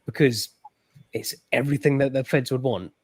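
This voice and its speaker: Husky, halting male guest. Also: mid-range voice, no echo, clean studio sound. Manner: halting, hesitant. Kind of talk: casual chat.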